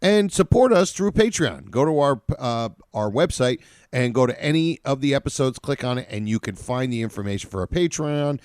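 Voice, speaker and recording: A man's voice: mid-range voice, normal speed, clean tone, no echo. A man co-hosting a casual podcast, rambling through plugs and banter on a studio mic. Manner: lively, rambling plugs with fillers. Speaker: podcast co-host.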